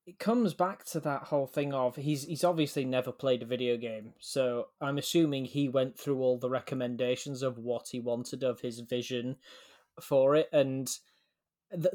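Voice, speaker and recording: A man's voice: mid-range voice, a little mellow. A man co-hosting a podcast, blunt and wry in casual chat, often restarting his sentences. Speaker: podcast co-host.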